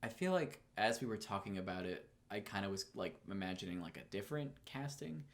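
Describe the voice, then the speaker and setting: A man's voice: fairly low pitch, very animated, a little fast, slight background noise. A man co-hosting a podcast, chatting casually and enthusiastically in a rambling way. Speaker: podcast co-host. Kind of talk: casual chat.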